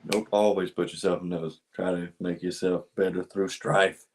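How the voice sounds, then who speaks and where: A man's voice: low voice, flat delivery, moderate pace. A man in casual, joking chat as co-host, self-mocking and swearing freely. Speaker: comedian co-host.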